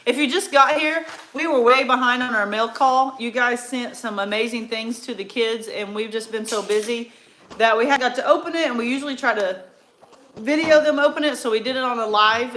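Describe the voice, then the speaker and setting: A woman's voice: fairly high pitch, normal speed, a bit bright. A woman co-hosting a casual farm livestream, chatting and reading viewer comments aloud. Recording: echoey room with faint noise.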